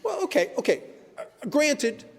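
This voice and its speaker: A man speaking at a recovery meeting, telling stories in an animated way and laughing at his own tales. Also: very high-pitched, moderate pace. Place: meeting hall. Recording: echoey hall recording.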